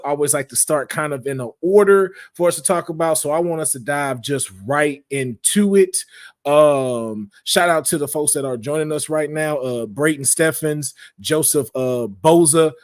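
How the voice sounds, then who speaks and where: A man's voice: a little high, no room sound, clean studio sound. A man with a Southern US accent hosting a casual wrestling podcast, hyping the show and joking with his guest. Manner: hype, showman-like openings, joking. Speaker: podcast host.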